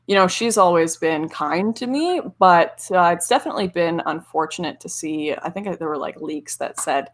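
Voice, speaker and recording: A woman with a Canadian accent, a guest on a casual livestream interview, chatty and quick to laugh, with lots of filler likes. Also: fairly low pitch, expressive.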